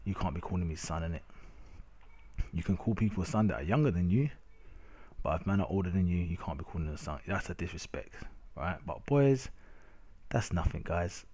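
A young man from London narrates match footage in a casual rant, using lots of slang and repeating "innit". He sounds animated and talks a little fast, his low voice dark in tone and slightly rough.

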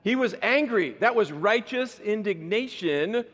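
A man preaching a sermon, his voice sitting a little high for a man. He shifts from steady explanation into loud, emphatic bursts. The sound carries the long reverb of a large church hall. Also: measured pace. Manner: animated, switches between calm teaching and loud emphatic bursts. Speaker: pastor.

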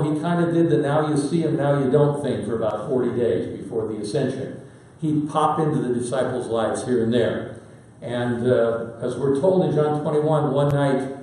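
A man preaching a sermon in a folksy storytelling manner with dramatic pauses. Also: medium pitch, mellow. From Pacific Northwest, United States. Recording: very echoey hall, voice from far off.

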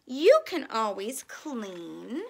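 A woman voicing a big, stern mother canary who booms her lines loudly in a storybook reading. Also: sing-song, extremely slow, gravelly, breathy edge, exaggerated voice. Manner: booming, loud.

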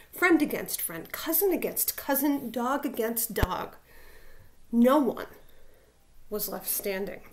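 A woman teacher reading a children's picture book aloud with playful, expressive emphasis. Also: fairly high pitch, noisy background.

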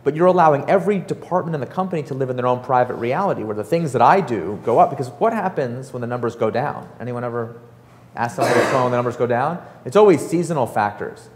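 A man giving a casual, animated talk to an audience, full of fillers and acted-out quotes. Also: medium pitch, fast, in a large hall. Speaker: startup author and speaker.

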